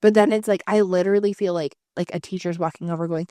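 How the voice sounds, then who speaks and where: A woman co-hosting a casual podcast chat, telling animated stories with lots of swearing and acted-out quotes. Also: fairly low pitch, fast talker, no room sound, studio quality. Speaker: podcast co-host.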